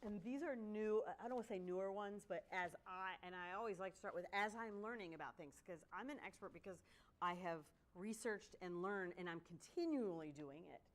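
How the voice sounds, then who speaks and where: A woman giving a workshop talk, telling stories in an animated way and often asking "right?". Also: mid-range voice, brisk. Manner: animated storytelling with frequent "right?". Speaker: guest speaker. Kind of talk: workshop presentation.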